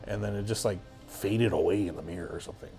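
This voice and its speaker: A man's voice: lowish voice, quick pace, gravelly, dark tone, faint music behind. A man guesting on a podcast, telling a story in a rambling, casual way full of filler words and swearing.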